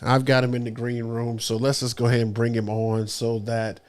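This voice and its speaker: A man's voice: medium pitch, monotone, moderate pace, darkish tone. A man hosting a casual livestream podcast, greeting the chat and introducing his guest. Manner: upbeat, reads out chat names. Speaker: podcast host.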